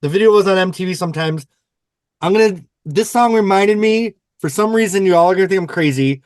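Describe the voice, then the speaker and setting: A man's voice: high voice, a little fast, clean tone, dry recording. Rambling, playful male podcast host. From United States. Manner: rambling, playful, goes off on tangents. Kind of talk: casual chat about music.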